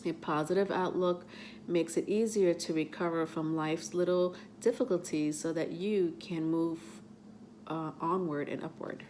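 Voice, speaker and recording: Female tarot reader, unhurried and low, rambling and conversational as she reads cards aloud. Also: steady tone, a little mellow, a little hiss or hum. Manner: chatty, many fillers and restarts, reads card texts aloud haltingly. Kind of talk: casual tarot reading vlog.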